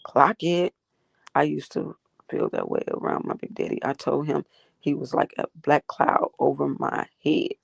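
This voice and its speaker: A woman's voice: deep voice, steady tone, a little slow, creaky, husky, dry recording, studio quality. A woman hosting a livestream, ranting and talking back to her chat in a profane, confrontational way. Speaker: livestream host.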